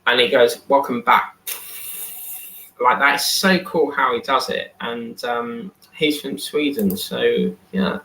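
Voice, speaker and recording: A man's voice: medium pitch, slow pace, few pauses, sharp tone. A man hosting a live stream in casual chat, reading and answering viewer comments aloud. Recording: echoey room.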